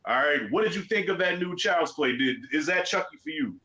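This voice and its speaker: Bright-voiced, blunt, opinionated man. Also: a little high, lively intonation, fairly quick, rough recording. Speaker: show host. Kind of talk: casual film discussion.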